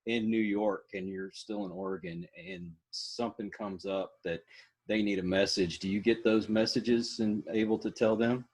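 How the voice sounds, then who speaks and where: A man's voice: fairly low pitch, fairly even intonation, normal speed, darkish tone, slightly rough. A man hosting a casual podcast interview, easygoing and joking. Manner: easygoing, joking, laughs often. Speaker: podcast host.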